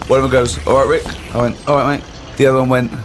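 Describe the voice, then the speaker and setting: A man's voice: mid-range voice, level tone, rapid-fire, slight background noise. A man hosting a podcast, chatting casually and teasing his co-hosts. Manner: teasing, laughs loudly at stories. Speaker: podcast host. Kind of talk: casual chat.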